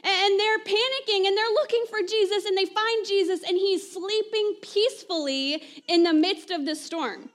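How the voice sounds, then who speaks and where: A woman pastor delivering a sermon in a conversational way, often checking in with "right?" and trailing off softly at the ends of phrases. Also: extremely high pitch, moderate pace, few pauses. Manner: conversational preaching, frequent "right?" asides.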